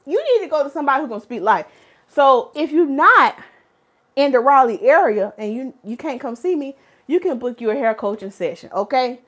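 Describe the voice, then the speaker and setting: Speaking briskly, a fairly high-voiced woman from North Carolina, USA, runs a laid-back hair care live stream, seemingly into a phone or webcam. She welcomes people from the chat by name and becomes animated and preachy as she drives her points home.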